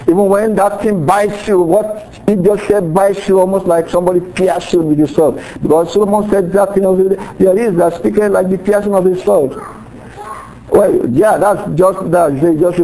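Middle-aged guy pastor preaching, chatty, voice kinda high and mellow. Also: normal speed, low-quality recording. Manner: conversational preaching with acted-out quotes. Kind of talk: sermon.

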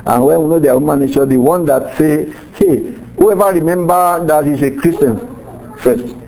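A man's voice: on the high side, moderate pace, gravelly, mellow, low-quality recording. A middle-aged man preaching a sermon in a conversational way, acting out little quoted exchanges as he teaches. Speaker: pastor.

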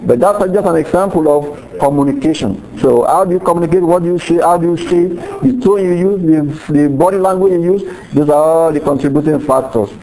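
Middle-aged guy pastor preaching, chatty, voice kinda high and mellow. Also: fairly quick, few pauses, poor audio. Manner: conversational preaching with acted-out quotes. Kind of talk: sermon.

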